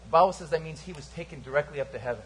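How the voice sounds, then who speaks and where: A man preaching a sermon as pastor at a church service, swinging from fervent emphasis to hushed, quiet lines. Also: on the high side, rapid-fire. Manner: animated preaching with sudden quiet drops.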